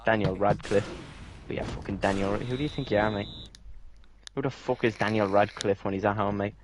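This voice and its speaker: A man's voice: fairly low pitch, fairly even intonation, fairly quick, slight background noise. A young man swearing and teasing a friend while they play a fighting game together. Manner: sweary, teasing, says mate constantly. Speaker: gamer. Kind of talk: casual gaming banter.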